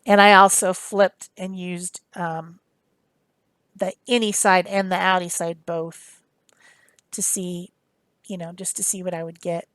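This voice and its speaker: A woman's voice: on the low side, little pitch movement, a little slow, long pauses, fairly bright tone, no room sound. A woman talking through a craft demonstration in a casual, rambling way, with many fillers and restarts. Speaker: craft tutorial host.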